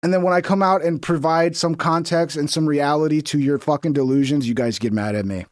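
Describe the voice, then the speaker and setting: A man's voice: on the high side, fairly quick, no echo, clean studio sound. A man streaming casual commentary on clips, blunt, profane and mocking as he rants.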